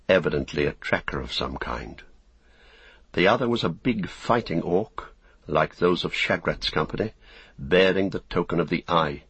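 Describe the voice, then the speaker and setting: Deep, husky male audiobook narrator. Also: a bit bright, no room sound. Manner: measured, deliberate reading. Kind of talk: scripted narration.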